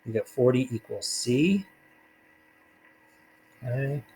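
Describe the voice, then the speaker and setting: A man's voice: medium pitch, expressive, takes it slowly, a little mellow, poor audio. A man teaching a recorded math lesson, talking casually through worked problems with fillers along the way.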